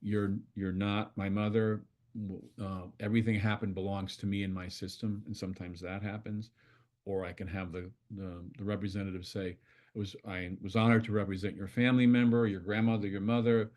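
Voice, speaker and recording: An older man with a somewhat low voice tells a story as a facilitator. He talks in a loose, conversational way. He slips into the voices of the people in his story as he goes. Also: little pitch movement, fairly quick, darkish tone. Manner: conversational, acts out dialogue with swearing quotes. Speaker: constellation facilitator. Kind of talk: storytelling in an online talk.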